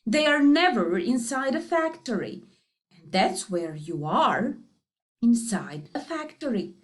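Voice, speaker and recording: A woman's voice: fairly high pitch, sing-song, takes it slowly. A woman reading aloud for a lesson, voicing a pompous, condescending male company president who lectures. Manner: lecturing, self-assured.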